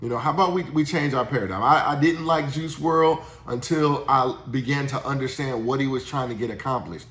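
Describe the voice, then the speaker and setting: A man's voice: medium pitch, fairly quick, few pauses, a bit bright, roomy sound. A man giving a casual motivational talk as a sales trainer, chatty and full of tag questions. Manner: chatty, uses tag questions and frequent restarts.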